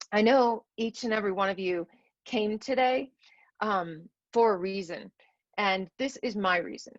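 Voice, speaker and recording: A woman's voice: mid-range voice, no echo. A middle-aged woman giving a heartfelt keynote talk to teachers over a video call, earnest and emotional, repeating phrases for emphasis. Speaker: keynote speaker. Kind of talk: heartfelt virtual conference talk. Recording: dry, slightly dull video-call audio.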